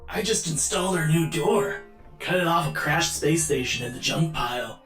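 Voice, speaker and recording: A man voicing a laid-back, shifty slacker husband in a video game, talking in a slow drawl. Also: on the high side, fairly bright tone, reverberant, soft background music, natural voice, poor audio.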